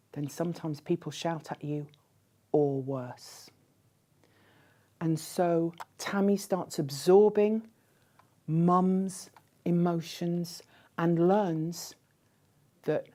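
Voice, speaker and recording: A woman giving a conference keynote speech in a measured way, posing rhetorical questions to the audience. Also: lowish voice, warm tone. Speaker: keynote speaker.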